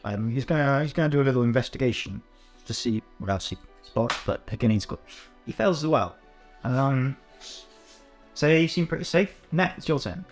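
Male game master, casual and halting, faint music behind. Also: mid-range voice. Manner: relaxed, hesitant with many ums. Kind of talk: running a tabletop game, casual.

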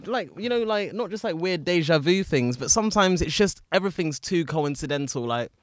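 A man's voice: fairly high pitch, lively intonation, fairly quick, no echo, studio quality. A man on a podcast, joking and swearing in casual banter.

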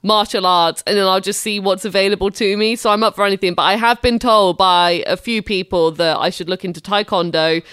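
A woman chats on a podcast in an unhurried, hesitant way, often pausing to think. Her pitch is mid-range. The recording is close and dry. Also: fairly bright tone, clear, resonant tone, no echo. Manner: hesitant, giggly. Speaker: podcast co-host. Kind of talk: casual chat.

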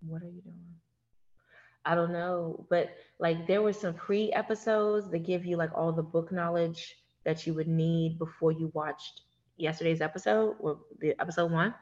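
A woman in casual chat about a TV show, animated and swearing freely. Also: lowish voice, lo-fi sound. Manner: animated, swearing, talks fast in bursts.

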